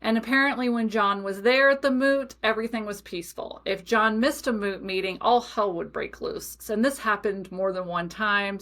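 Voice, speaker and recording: A young adult woman talks casually on her podcast, rambling through a personal story. She keeps adding asides and fillers, and her voice has an ordinary, middle pitch. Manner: chatty, animated storytelling with many asides and fillers. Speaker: podcast host.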